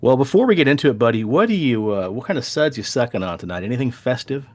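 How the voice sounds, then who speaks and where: A man's voice: medium pitch, big pitch swings, fast talker, a little mellow, dry recording. This man co-hosts a podcast in an easygoing, joking way and keeps ribbing his friend. His voice moves up and down freely. The microphone sound is dry and close, with no room in it. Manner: joking, teasing, calls his co-host buddy. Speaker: podcast co-host. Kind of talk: casual podcast banter.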